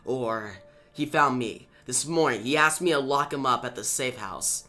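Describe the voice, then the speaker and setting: A man voicing a weary male superhero veteran in a quiet, low-key way. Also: normal speed, lightly acted. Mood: subdued.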